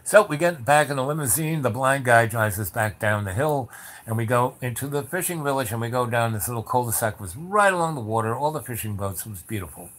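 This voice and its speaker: A man's voice: medium pitch, fast. Rambling man telling a story. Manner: rambling, many fillers and restarts; animated, acts out the voices of people in the story. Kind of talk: casual spoken anecdote.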